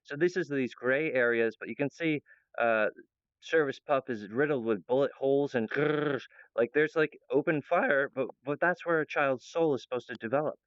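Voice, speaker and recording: A man's voice: medium pitch, moderate pace, clear, resonant tone, no echo. A young man talking in a meandering monologue, laughing often and breaking off mid-sentence. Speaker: channel host. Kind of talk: rambling monologue. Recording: dull, lo-fi, dry sound.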